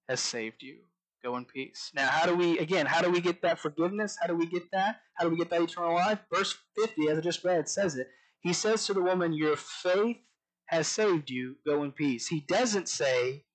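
A man preaching a sermon, reading scripture slowly and dropping to a soft voice on key lines. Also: on the high side, rough recording. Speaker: pastor.

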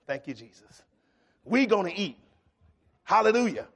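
A man's voice: sits high, normal speed, gravelly, husky. A middle-aged man preaching a sermon, telling stories animatedly and calling out to the congregation. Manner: animated storytelling, shouting at peaks, call-and-response with congregation. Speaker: pastor.

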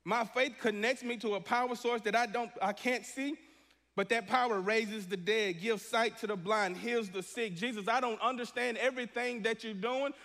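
High-voiced preacher in a reverberant hall. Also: male voice. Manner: animated preaching, acts out prayers in a hushed voice. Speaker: pastor. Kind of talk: sermon. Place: church sanctuary.

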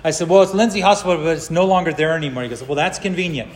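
Brief: male pastor, middle-aged, from California, high voice, storytelling sermon delivery, echoing hall. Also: rapid-fire, noisy background. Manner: storytelling, acts out the people he quotes. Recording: long hall reverb.

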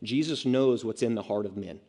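A man's voice: medium pitch, a little fast, dark tone, breathy edge. A man preaching a sermon in a conversational way, with self-mocking asides and acted-out quotes. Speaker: pastor. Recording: long reverb of a large hall.

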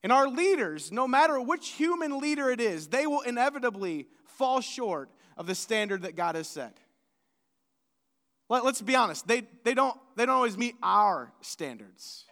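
A man's voice: very high voice, very animated, normal speed, fairly bright tone. A male pastor preaching a sermon in an earnest, conversational way, often restarting his sentences. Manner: earnest, with frequent restarts and stammers. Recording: long hall reverb.

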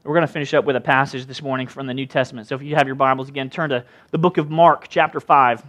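A male pastor preaching a sermon in an animated, conversational way, with jokey asides. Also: medium pitch, fast.

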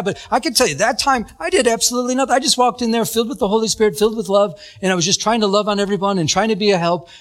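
A man preaching a sermon, telling a personal story with animated, acted-out quotes and frequent laughter. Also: sits high.

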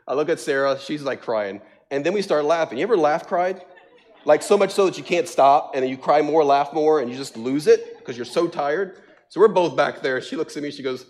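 Speaking a bit fast and fairly high, this middle-aged pastor entertains his congregation in the church sanctuary with humorous sermon stories. He pokes fun at himself, laughs a lot, and peppers his lively talk with "um" and "like."

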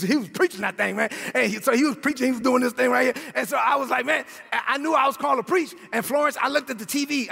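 A male pastor with a Brooklyn accent, preaching an energetic sermon full of slang, repetitions and shouted lines. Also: very high-pitched, gravelly, husky, big-room sound. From Brooklyn, New York.

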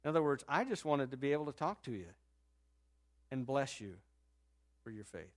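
A man preaching a sermon in a conversational, animated storytelling manner, rising sharply in pitch and loudness at times and dropping to a soft low voice for quoted words. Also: normal speed. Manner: drops to a soft, low voice when quoting Jesus. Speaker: pastor.

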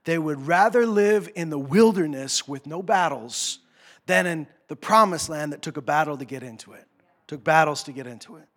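A man from North America preaching a sermon, with impassioned swings from hushed asides to shouted commands and low mocking voices for quoted complaints. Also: moderate pace. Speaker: pastor.

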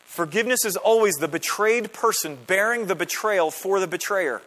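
A man's voice: high-pitched, normal speed, fairly bright tone. A man preaching a sermon to a congregation in a conversational style, checking in with questions and building to emphatic peaks. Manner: builds to emphatic, rising climaxes. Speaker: pastor. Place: church sanctuary. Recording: long reverb of a church hall.

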